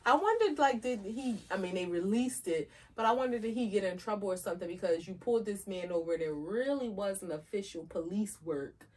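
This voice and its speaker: A woman's voice: mid-range voice, animated, brisk, hardly any pauses, darkish tone. A woman co-hosting a podcast in casual chat, thinking aloud and asking questions. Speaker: podcast co-host.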